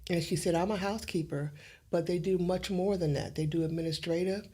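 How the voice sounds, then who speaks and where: A middle-aged woman, an interview guest, telling her story in an animated way and acting out the dialogue. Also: lowish voice, brisk, husky.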